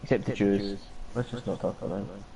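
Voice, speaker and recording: A man's voice: lowish voice, fairly even intonation, a little fast, background noise. A man chatting casually and crudely while streaming a game, swearing and joking. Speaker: live-stream gamer. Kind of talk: casual gaming chat.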